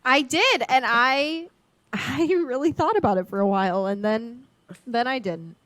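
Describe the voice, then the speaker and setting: A young woman co-hosting a podcast, chatting casually with animated, self-mocking quips. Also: a little high, unhurried, no room sound. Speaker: podcast co-host. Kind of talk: casual chat.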